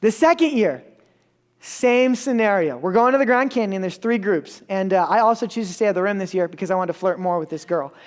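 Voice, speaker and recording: A man's voice: high-pitched, animated, fairly quick. A young man giving a sermon, telling a story casually with self-mocking asides. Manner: casual and self-mocking, acts out the people in his stories. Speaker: preacher.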